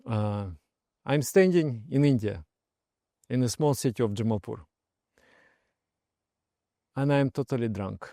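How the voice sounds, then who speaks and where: Soft-spoken monk guy telling his story, mid-pitched voice, trails off quiet, dry close sound. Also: no room sound. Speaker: meditation teacher and monk. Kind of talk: personal story and spiritual advice.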